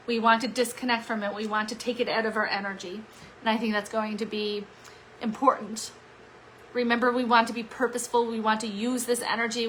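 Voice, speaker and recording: A woman's voice: on the high side, a bit bright, slight background noise, poor audio. A middle-aged woman, a psychic medium, giving a live weekly card-reading forecast in an upbeat, emphatic, encouraging way, often checking in with "okay?" and "right?". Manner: upbeat, emphatic, encouraging, talks straight to viewers. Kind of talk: live-streamed casual forecast talk.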